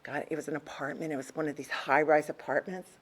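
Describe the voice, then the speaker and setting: An older woman telling her life story to a recovery meeting, candid and conversational, with restarts and soft laughs. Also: deep voice, flat delivery, quick pace. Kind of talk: personal story told to a group.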